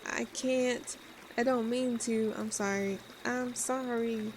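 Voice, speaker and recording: A woman's voice: on the high side, steady tone, slow pace, a little hiss or hum. A woman voicing an upset, tearful young girl in a visual novel.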